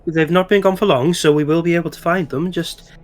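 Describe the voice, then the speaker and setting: A man at a tabletop game talks in a calm, soothing way. His voice sits slightly high. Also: a little fast. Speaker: player. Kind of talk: casual tabletop play.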